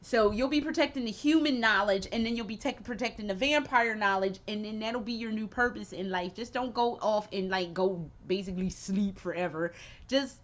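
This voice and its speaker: A woman vlogger giving a rambling, excitable, profane spoken review of a show she loved. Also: mid-range voice, normal speed, highs cut off. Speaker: video game vlogger.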